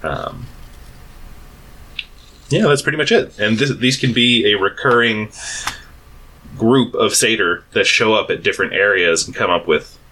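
A man co-hosting a podcast, explaining game ideas in a relaxed way with pauses. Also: on the low side, slight background noise, rough recording. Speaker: podcast co-host. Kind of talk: casual explanation.

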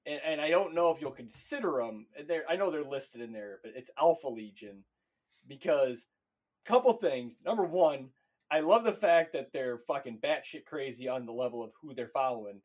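A man's voice: medium pitch, expressive, moderate pace, darkish tone. A man co-hosting a podcast in casual chat, rambling and profane, laughing often. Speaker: podcast co-host.

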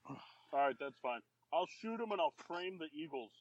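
A man's voice: a little high, lively intonation, moderate pace, dull audio. A man co-hosting a casual sports podcast, trading teasing jokes with friends. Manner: joking, teasing. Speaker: podcast co-host. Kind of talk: casual banter, mock draft chat.

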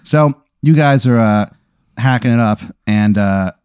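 A man of average pitch tells an improvised, rambling comic story. He speaks in a deadpan way and fills his sentences with "uh" and "like". The recording is dry and close. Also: measured pace, clear, resonant tone, dry recording. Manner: rambling, deadpan, many fillers.

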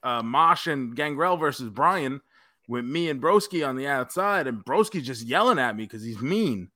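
A man's voice: mid-range voice, expressive, moderate pace, pushed and bright, no room sound, clean studio sound. A man co-hosting a podcast, telling a story in a casual chat, acting out quoted lines and laughing often. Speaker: podcast co-host.

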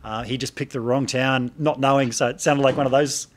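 A man's voice: mid-range voice, steady tone, a little fast. A middle-aged man hosting a casual chat, telling stories and asking questions. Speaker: host.

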